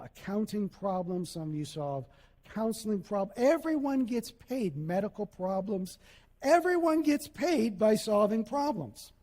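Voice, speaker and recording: A male pastor preaching a sermon, animated, acting out little scenes and quotes as he goes. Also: high-pitched, long reverb tail.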